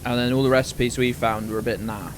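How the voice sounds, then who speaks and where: A man's voice: medium pitch, fairly even intonation, fast talker, noisy background. A man hosting a live game stream, joking and exclaiming as he reacts to chat. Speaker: streamer host.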